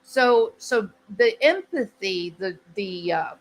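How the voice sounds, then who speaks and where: A woman's voice: medium pitch, animated, slow pace, a little hiss or hum, poor audio. A woman hosting her channel, explaining a topic in casual conversation and often checking in with the listener. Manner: conversational, repeats herself, asks "right?". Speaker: channel host.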